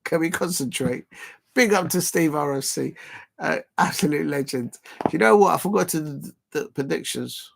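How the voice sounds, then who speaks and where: A man's voice: fairly high pitch, moderate pace, gravelly, a bit bright. A man hosting a football watch-along stream, chatting casually, reading viewer comments and rambling with lots of fillers.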